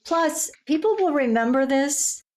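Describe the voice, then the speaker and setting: A woman's voice: high-pitched, expressive, a little slow. A woman communication consultant explaining her advice in an instructive, explanatory way. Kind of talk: expert discussion.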